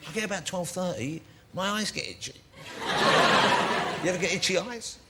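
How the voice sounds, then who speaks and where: A man's voice: sits high, lively intonation, moderate pace, very noisy. A British man hosting a chat show, teasing his guest with jokes and laughing as he talks. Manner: joking, laughs while talking. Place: television studio with audience. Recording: loud studio audience behind.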